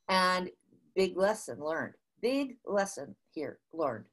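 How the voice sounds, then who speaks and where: An older woman from the United States, interviewed as a guest, shares an animated business story punctuated by frequent restarts. She talks at a slow pace with a fairly low pitch.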